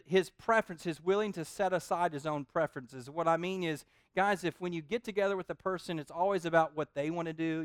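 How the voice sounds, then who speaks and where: A man preaching a sermon in an animated, joking way, often repeating his words. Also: high voice, clean tone, no echo, studio quality. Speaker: pastor.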